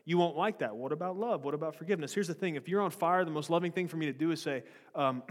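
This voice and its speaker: A pastor with a slightly high voice preaches a sermon bluntly and confrontationally, talking fast and breaking in with jokes. His words echo at length through a large church sanctuary.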